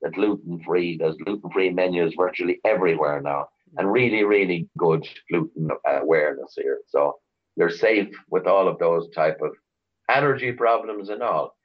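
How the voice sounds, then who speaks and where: The guest in this casual interview is a middle-aged Irish man who works as a chauffeur tour operator. His low voice moves at a moderate pace through dull audio as he tells rambling stories full of restarts.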